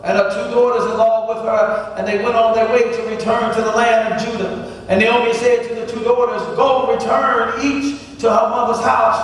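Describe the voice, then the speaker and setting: A man's voice: very high voice, slight background noise. A male pastor preaching a rhythmic sermon to his congregation in a church sanctuary. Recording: echoey hall from far off, faint ambience.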